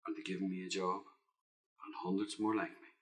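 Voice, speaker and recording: A man's voice: low voice, flat delivery, fairly quick, close to an everyday voice. A man playing a wistful Northern Irish stableboy. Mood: reflective. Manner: reflective, intimate, often hushed. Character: grown stableboy remembering his youth, wistful. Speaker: actor in a one-man play. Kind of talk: theatrical monologue narration.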